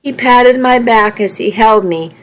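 A woman's voice: on the high side, unhurried, rough recording. Woman, audiobook narrator, first-person, earnest, emotional.

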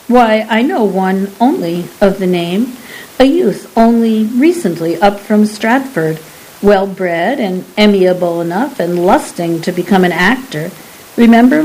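A woman's voice: medium pitch, lively intonation, measured pace, a little mellow, lightly acted, rough recording. A woman voicing a wary, indignant Elizabethan wife who speaks in archaic exclamations.

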